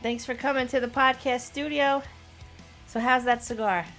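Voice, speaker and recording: A woman's voice: on the high side, steady tone, normal speed, a bit bright, soft background music. Chatty middle-aged woman podcast host. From Long Island, New York. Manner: chatty, laughs often, reads notes about whiskey. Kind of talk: casual chat. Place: podcast studio.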